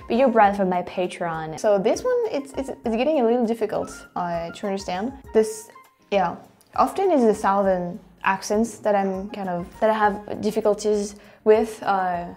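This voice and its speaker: Host: French woman, mellow tone, excitable reactions over faint music. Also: mid-range voice. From France. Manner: animated, exclaiming and laughing often. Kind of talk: casual reaction commentary.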